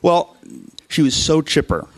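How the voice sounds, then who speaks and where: A man's voice: on the high side, very animated, a little slow. A man casually telling a personal faith story, rambling and self-deprecating, with frequent restarts and asides.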